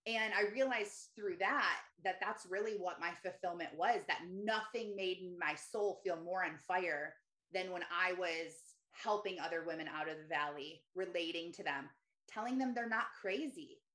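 A woman's voice: moderate pace, fairly bright tone, reverberant. A woman, a podcast host and coach, telling her personal story earnestly and with emphasis as an interview guest. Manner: earnest, emphatic, shifts to higher voice for quoted thoughts.

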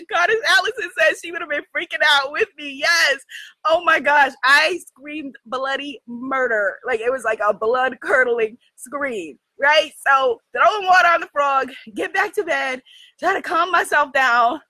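A woman hosting a casual chat with her viewers, telling a story in an animated way, laughing often and asking "right?". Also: high voice, unhurried, no room sound. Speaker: host addressing her viewers.

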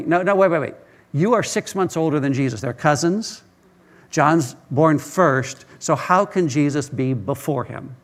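A male pastor preaching a sermon, telling stories earnestly and often repeating words as he starts a phrase. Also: on the high side.

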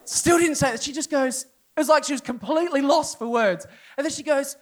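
Telling a funny sermon story in a church hall, this middle-aged man speaks in a very high-pitched voice at a brisk clip. The pastor acts out the people involved for the congregation, and his voice shoots up during their inner outbursts.

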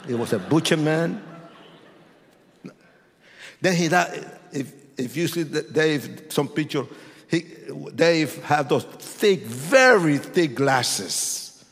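An older man preaches his testimony. His voice is rough and gravelly, and his delivery is slow, then bursts into shouting. Long reverb from a large hall trails behind each line. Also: fairly high pitch. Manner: animated, acts out voices, swings to shouts. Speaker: testimony speaker.

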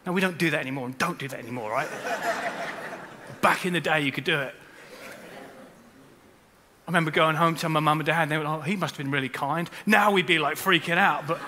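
Lively pastor in a big hall. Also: male voice, on the high side, brisk, pauses often. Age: 40s. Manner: animated storytelling, swings between loud bursts and hushed asides. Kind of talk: sermon. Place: large church hall.

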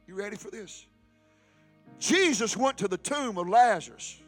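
A man pastor preaching a fiery sermon, often shouting and calling out to the congregation. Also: high voice, animated, normal speed, pauses often, faint music behind. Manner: shouting, preaching with rising intensity and call-and-response.

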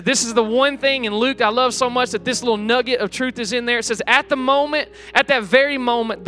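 A young adult male pastor preaching an energetic sermon to a congregation, joking with the crowd. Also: very high-pitched. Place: church auditorium with live congregation.

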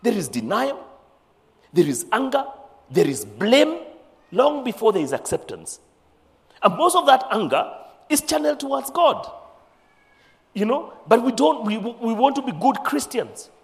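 Male preacher, high-pitched and expressive, sermon in a big echoing hall. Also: measured pace, creaky, long pauses. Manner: animated, acts out scripture voices, mixes in Swahili phrases. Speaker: bishop preaching. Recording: long hall reverb.

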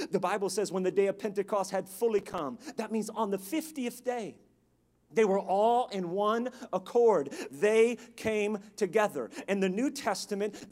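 A man preaching a sermon, building his repeated phrases up to loud, emphatic peaks. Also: high voice.

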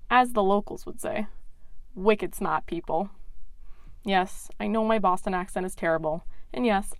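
A young adult woman hosting a science podcast, reading a scripted intro in a playful, excitable, self-mocking way. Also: medium pitch, dry recording. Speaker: podcast host.

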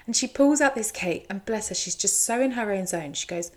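A woman's voice: medium pitch, animated, fairly quick. A woman giving a chatty, teasing recap commentary. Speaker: show recap host.

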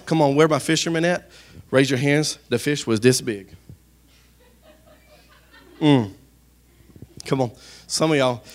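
Animated pastor preaching with a handheld mic. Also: male voice, medium pitch. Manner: animated, playful, calls out to the congregation. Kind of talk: sermon. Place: church sanctuary. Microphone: handheld microphone.

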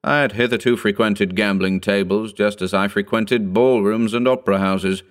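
A man narrating a Victorian short story in a measured, formal reading style. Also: on the low side, fairly even intonation.

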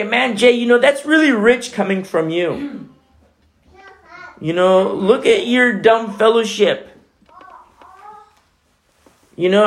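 A man preaching a conversational sermon as pastor, earnest and chatty, often dropping soft asides and then rising for emphasis. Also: on the high side, vocal fry. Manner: earnest, chatty, frequent "you know" asides.

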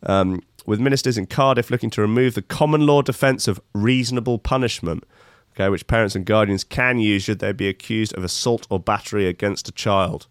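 Hosting a comic news podcast, a man reads stories and goes off on sarcastic, rambling tangents full of restarts. He has a fairly low, clean-toned voice and talks fairly quickly. The sound is clean studio audio with no echo.

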